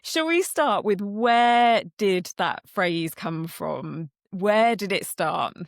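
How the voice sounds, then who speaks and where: A woman podcast host with a gravelly edge in her voice asks about the guest's story and laughs along encouragingly. The sound is close and dry. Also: mid-range voice, lively intonation, slow pace, no echo. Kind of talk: interview questions.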